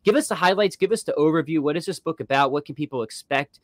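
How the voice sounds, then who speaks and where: A male podcast host who asks questions in a quick, friendly way and laughs easily. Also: a little high, dry recording. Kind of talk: podcast interview.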